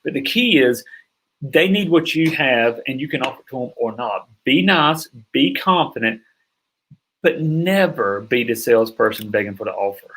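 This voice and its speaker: A middle-aged man from North Carolina with a slight Southern drawl, teaching sales in a fast, emphatic way and often checking that listeners are following. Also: medium pitch, expressive, a bit bright. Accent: Southern American drawl. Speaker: sales coach. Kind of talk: teaching a sales training session.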